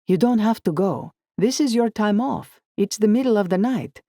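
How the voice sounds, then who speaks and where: A woman's voice: medium pitch, animated, moderate pace, dark tone, dry recording, studio quality, voice pushed up, lightly acted. A woman voicing a pushy, controlling young man in an audiobook, talking down insistently. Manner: insistent, condescending. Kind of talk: audiobook dialogue.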